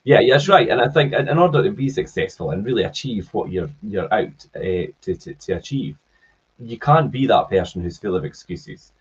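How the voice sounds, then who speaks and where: A man co-hosts a business podcast, chatting casually and reflecting in agreement. His voice is very deep and strongly raspy. The recording is dull and lo-fi. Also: lively intonation, brisk. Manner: agreeable, reflective, brief backchannels. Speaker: podcast co-host.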